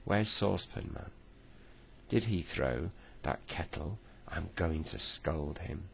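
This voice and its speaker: A man voicing an angry, bossy male storybook neighbour who shouts and scolds. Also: a bass voice, expressive, slow, vocal fry, a little hiss or hum, exaggerated voice. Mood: scolding.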